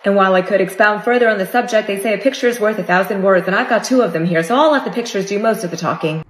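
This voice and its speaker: A woman's voice: mid-range voice, racing. A woman in her thirties answering a troll in a dry, sarcastic, articulate way. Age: 30s. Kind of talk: sarcastic reply video. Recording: echoey room.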